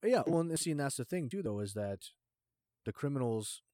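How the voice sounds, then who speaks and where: A man's voice: mid-range voice, sing-song, fairly quick, mellow, no room sound. A man hosting a casual podcast who talks bluntly, swears freely and leans on fillers. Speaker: podcast host.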